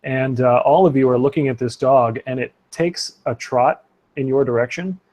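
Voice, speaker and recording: A man's voice: medium pitch, moderate pace, a little mellow, lo-fi sound. A man narrating a tabletop role-playing game as game master, loose and chatty, with fillers and laughs.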